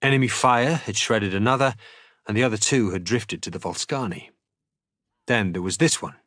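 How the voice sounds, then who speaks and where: Low-voiced man narrating a novel dramatically. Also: moderate pace, a bit bright, no echo, clean studio sound. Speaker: streamer reading aloud. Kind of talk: audiobook-style novel reading.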